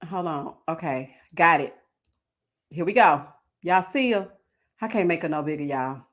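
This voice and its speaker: Animated laughing woman livestream host. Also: sits low, unhurried. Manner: animated, laughing, drawling endearments like "baby" and "child". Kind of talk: casual live chat commentary.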